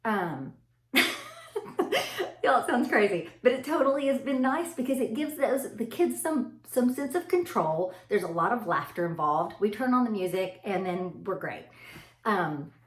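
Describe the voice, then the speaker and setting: A woman, chatting casually to camera about parenting. She tells stories in an animated way, laughs often and calls her viewers y'all. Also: fairly high pitch, measured pace. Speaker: mother vlogging about parenting. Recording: echoey room.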